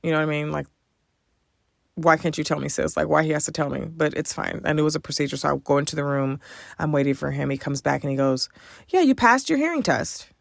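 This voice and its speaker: A young woman with a low, gravelly voice tells a story on her podcast, chatty and animated. She acts out the people she quotes as she goes. The sound is close and dry, with no room around it. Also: fast, no room sound. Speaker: podcast host. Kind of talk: casual storytelling to listeners.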